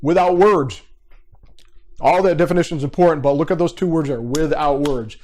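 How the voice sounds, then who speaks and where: A man in his thirties teaching a live online class through a computer mic, his voice pitched a little above the usual for a man. He talks casually and directly and keeps checking in with his students. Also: fast talker, mellow. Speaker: behavior profiling instructor.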